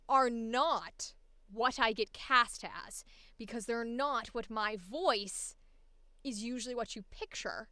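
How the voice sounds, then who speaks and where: A woman voice actor in a casual, animated chat about voice acting, laughing often as she talks. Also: fairly high pitch, no echo.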